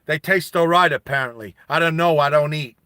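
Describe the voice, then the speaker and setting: A man's voice: a little high, normal speed, sharp tone, no echo, clean studio sound. A man doing a cigar-smoking Aussie robot foreman. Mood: friendly. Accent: Australian. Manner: streetwise, blunt, protective boss talk. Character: big older male robot factory foreman, smoking cigars, tough but kindly.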